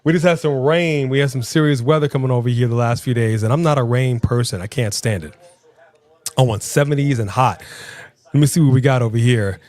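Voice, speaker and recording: A man's voice: mid-range voice, a little fast. A man co-hosting a live stream, chatting casually and playfully reading out viewer comments. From Southern California. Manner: energetic, playful, reads chat aloud.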